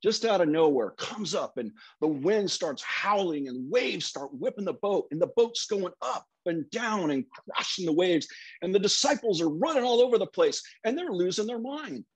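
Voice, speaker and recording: A man's voice: high-pitched, animated, normal speed, husky. A middle-aged man, a minister, telling a Bible story in a casual, conversational sermon.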